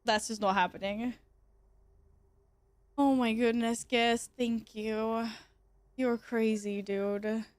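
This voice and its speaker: A woman's voice: fairly high pitch, fairly even intonation, slow, pauses often, no echo. A woman streamer chatting casually with her viewers, giggly and exasperated, swearing a lot. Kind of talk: casual livestream chat to viewers.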